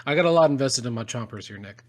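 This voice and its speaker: A man's voice: mid-range voice, lively intonation, quick pace. A young man co-hosting a comedic podcast, ranting sardonically and swearing a lot. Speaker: podcast co-host. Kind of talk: crude comedic podcast banter.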